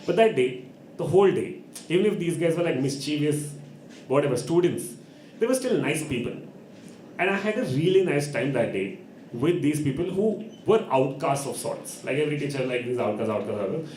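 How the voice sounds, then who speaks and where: A man telling an animated story at an open mic, acting out voices and laughing often. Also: fairly high pitch, normal speed, roomy sound, a little hiss or hum. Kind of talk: storytelling on stage. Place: live open mic venue.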